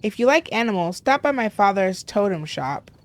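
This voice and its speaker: A woman's voice: medium pitch, lively intonation, moderate pace, a little hiss or hum, close to an everyday voice. A woman reading a prickly, standoffish villager from a game, curt and a bit snide.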